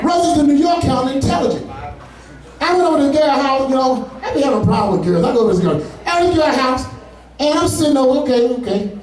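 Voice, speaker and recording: A man doing a stand-up comedy set, telling loose, profane stories with asides to the audience. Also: extremely high pitch. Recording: echoey room, far from mic.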